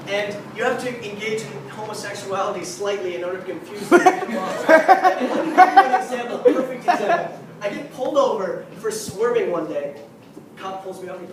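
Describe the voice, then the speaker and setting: A high-voiced teenage man works through a stand-up set on a club stage, chatty and breaking into laughter at his own lines. He is caught from a distance on a mic stand, so the voice bounces around a very echoey room. A steady background noise sits under him. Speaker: stand-up comedian. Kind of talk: stand-up routine.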